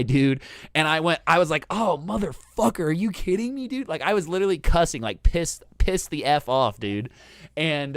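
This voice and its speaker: A man hosting a casual chat, telling a long story in an animated, profane way and saying "dude" constantly. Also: a little high, no echo, studio quality. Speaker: host.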